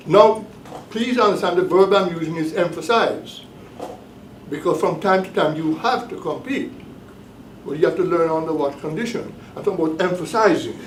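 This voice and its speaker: A professor leading a course gives a classroom lecture in a bookstore cafe classroom, speaking in a high-pitched voice. He's deliberate and emphatic, repeating key points. The room is echoey, the mic sits at a distance, and there's slight background noise.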